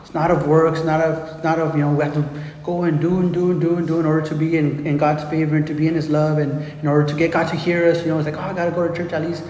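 A man's voice: a little high, little pitch movement, fast talker, darkish tone, slight background noise. A man preaching a sermon in an earnest way, often restarting and repeating phrases. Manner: earnest, repetitive, many restarts. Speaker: pastor. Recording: echoey hall with faint ambience.

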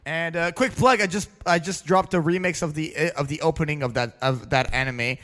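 A young man with a high-pitched voice hosts a loose podcast chat, bubbling with excitement and chuckling between ideas. He piles up fillers as he talks. The sound carries a long, hall-like reverb. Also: brisk. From Canada. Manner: excitable, laughs often, lots of fillers. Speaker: podcast host.

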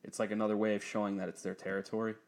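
A man's voice: on the low side, racing. A young man telling a story in casual chat, swearing freely and laughing often, his voice jumping up when he quotes people. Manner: profane storytelling, laughs often, animated when quoting others.

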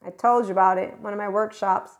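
A woman's voice: medium pitch, fairly even intonation, fast. A woman hosting a spiritual talk podcast, speaking in a rambling, candid way, laughing often and swearing freely. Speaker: podcast host. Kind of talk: casual spiritual monologue.

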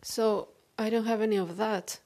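A woman speaking English as a second language in a personal confessional vlog. She sounds weary and frank, talks haltingly, and swears often. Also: medium pitch, fairly even intonation, darkish tone. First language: not English. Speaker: vlogger.

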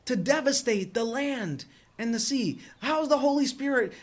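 A man's voice: very high voice, animated, normal speed. A man preaching a sermon in an earnest tone, often repeating words as he presses a point. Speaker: pastor.

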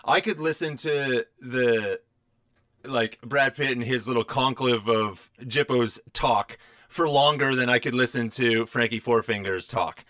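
Talking unhurriedly in a mid-range voice, this podcast co-host drifts through a casual chat full of fillers. His tone is fairly bright, clear and resonant, and the studio sound is clean with no echo.

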